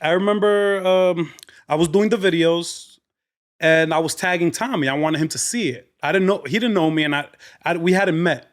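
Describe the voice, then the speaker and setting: A man, whose voice sits a little higher than most men's, spins anecdotes on a podcast. He talks in a relaxed way and slides between English and Spanish. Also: normal speed. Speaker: guest comedian. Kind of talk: casual storytelling chat.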